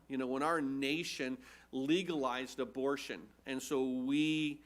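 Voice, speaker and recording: A man's voice: mid-range voice, flat delivery, unhurried. A man preaching a sermon as a pastor, teaching earnestly and emphatically through scripture with rhetorical questions. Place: church.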